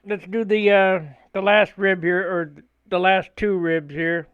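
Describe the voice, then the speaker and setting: An older man with a fairly high voice takes his time, rambling through memories between steps of his model airplane build. The sound is close and dry, with no room around it. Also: little pitch movement, measured pace, hardly any pauses, a bit bright, clear, resonant tone, no echo, dull audio. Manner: rambling, chuckling storyteller. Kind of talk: casual storytelling while building.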